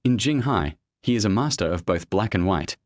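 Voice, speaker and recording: A man narrating a web comic recap in a steady first-person storytelling manner. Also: lowish voice, moderate pace, no room sound.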